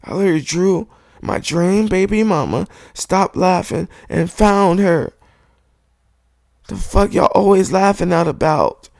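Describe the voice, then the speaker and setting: Male podcast host, raised gravel-edged voice, dry close sound, heated and profane. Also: sits high, measured pace, a little mellow, no echo. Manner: heated, profane, repetitive insistence. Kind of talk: podcast monologue rant. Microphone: studio microphone.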